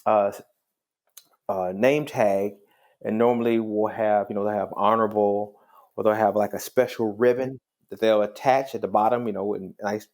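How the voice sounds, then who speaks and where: A middle-aged man, a judge, telling stories in a relaxed chat, animated and often restarting his sentences. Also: lowish voice. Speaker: judge, podcast guest. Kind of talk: casual storytelling conversation.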